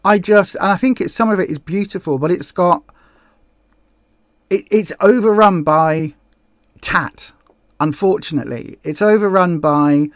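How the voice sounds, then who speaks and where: A high-pitched man hosting a casual weight-loss livestream. He chats loosely and rambles through viewer comments, restarting sentences as he goes. The sound is dry and close, with no room echo. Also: unhurried, pauses often. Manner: chatty, rambling, with frequent restarts and mock-tourist asides. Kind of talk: casual live chat reading viewer comments.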